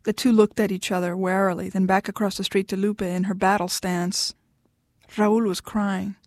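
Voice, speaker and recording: With a calm, even cadence, a woman narrates a novel from a script, her voice sitting in the middle range. The studio-quality audio carries no echo.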